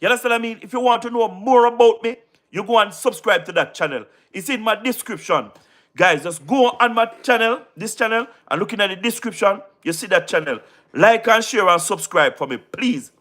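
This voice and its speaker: A man from Jamaica with a Jamaican Patois accent, livestreaming casually, giving shout-outs to viewers and repeating himself emphatically. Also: high-pitched, lively intonation, fairly quick. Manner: repetitive, keeps asking "you understand what I mean", emphatic. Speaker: YouTube live streamer.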